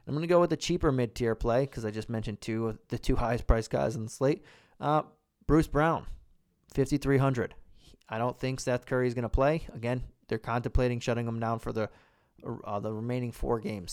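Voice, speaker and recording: Smooth-voiced male podcast host, breathless. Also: mid-range voice, a little mellow. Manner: quick, loose delivery with fillers. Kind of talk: casual sports betting podcast.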